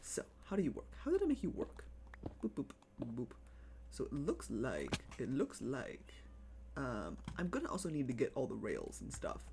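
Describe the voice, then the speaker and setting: Excitable streamer with a lively, bouncing pitch. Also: normal speed, a little hiss or hum. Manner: excitable, repeats phrases, coos over pets. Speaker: live streamer. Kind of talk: casual live gameplay chat.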